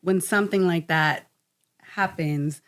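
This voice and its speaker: Brief: woman co-host, lower pitch, attentive, gentle questioning. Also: slow. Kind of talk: podcast conversation.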